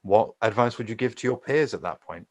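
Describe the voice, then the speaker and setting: A man hosting an interview, asking questions in a relaxed way with some hesitations and fillers. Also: on the low side, a little fast. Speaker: interview host. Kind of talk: casual interview chat.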